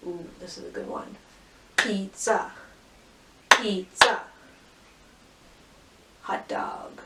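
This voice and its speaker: A woman teaching a phonics lesson to young children, cheerfully sounding out words and syllables slowly and clearly. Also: medium pitch, steady tone, far from the mic, very noisy. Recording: roomy echo, voice from off mic.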